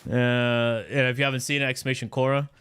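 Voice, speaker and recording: A man's voice: mid-range voice, little pitch movement, fast, a bit bright, smooth. Joking, rambling young gamer man. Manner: joking, rambling, swears freely, stumbles over words. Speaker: video game streamer. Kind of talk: casual live-stream gaming chat.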